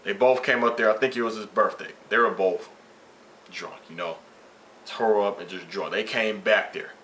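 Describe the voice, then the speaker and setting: A man's voice: fairly low pitch, normal speed, a little hiss or hum. A man vlogging, casually retelling a workplace story with slang and swearing and acting out the dialogue. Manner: animated, slangy, profane retelling with quoted dialogue.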